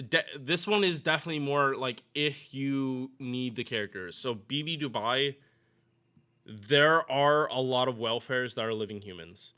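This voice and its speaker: A man's voice: mid-range voice, bright, forceful tone, smooth. A man giving casual, rambling game commentary to his viewers, often restarting his sentences and chatting directly to them. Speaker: gaming YouTuber.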